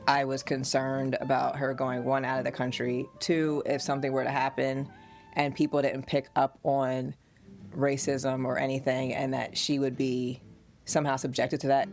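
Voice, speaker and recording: A woman from the United States, a podcast host and mother, telling family stories in an animated, casual way and laughing often. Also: very deep voice.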